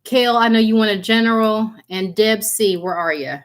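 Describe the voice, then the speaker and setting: A woman reading tarot on a live stream speaks at medium pitch and a moderate pace. Chatty and giggly, she calls her viewers by name and repeatedly bursts out laughing, then apologizes.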